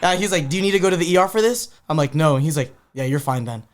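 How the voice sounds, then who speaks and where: A young man of eighteen from the Bay Area, chatting as a guest on a podcast. His voice sits a little high for a man, and he tells stories in a loose, easygoing way. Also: very fast, slight background noise. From San Francisco Bay Area. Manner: laid-back storytelling, lots of filler "like". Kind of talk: casual chat.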